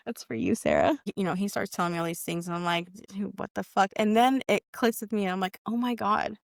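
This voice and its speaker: A woman's voice: medium pitch, fairly even intonation, a little fast, vocal fry, dry recording, studio quality. A young woman on a podcast telling a personal story in casual chat, candid and cursing freely, acting out what people said. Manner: candid, heavy swearing, acts out quoted lines. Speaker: podcast guest.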